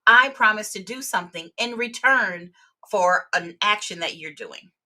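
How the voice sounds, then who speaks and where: A woman's voice: mid-range voice, expressive, moderate pace, pushed and bright. A woman teaching real estate exam vocabulary in a live webinar, explaining terms with everyday examples.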